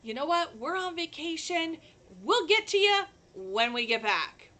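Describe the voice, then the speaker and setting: A woman's voice: very high voice, very animated, a little slow, pushed and bright. A woman hosting a chatty live crafting stream, bubbly and talking straight to her viewers.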